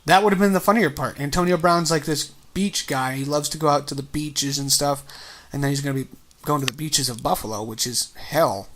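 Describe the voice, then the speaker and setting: A man's voice: fairly high pitch, brisk, a bit bright, a little hiss or hum. A man co-hosting a casual sports podcast, rambling and joking with sarcastic asides. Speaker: podcast co-host.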